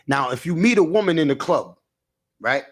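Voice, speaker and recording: A man's voice: a little high, expressive, normal speed. A man hosting a livestream, rambling in a casual rant, stammering and restarting as he answers chat comments. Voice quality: gravelly. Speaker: livestream host.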